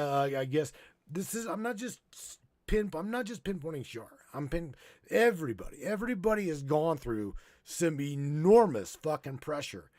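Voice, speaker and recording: A man hosting a live stream, rambling and swearing, halting and choked up as he talks. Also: fairly high pitch, a little mellow, dry recording, studio quality. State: choking up. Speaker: podcast host. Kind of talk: emotional live-stream monologue.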